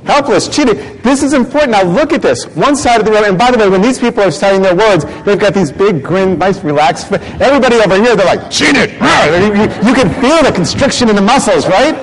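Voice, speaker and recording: A man from the Bronx, giving a lively customer service seminar to a live audience. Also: high voice, a little fast, few pauses. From the Bronx, New York. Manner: animated, acts out reactions and quotes. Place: conference room with audience. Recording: echoey hall, faint room noise.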